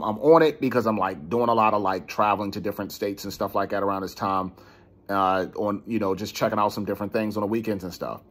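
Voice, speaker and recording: Husky, animated man telling a story. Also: lowish voice. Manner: animated, gets worked up, repeats words. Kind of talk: casual personal storytelling.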